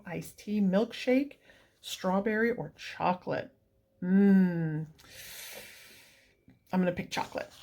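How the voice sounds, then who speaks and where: A woman's voice: on the low side, a little mellow. A woman chatting through a coloring book, gushing over each page and wandering off into rambling asides. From United States.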